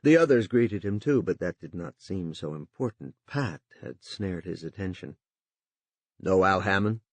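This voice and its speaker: A man's voice: deep voice, animated, normal speed, darkish tone, no echo. A man narrating a science fiction audiobook, reading expressively and giving each character a voice.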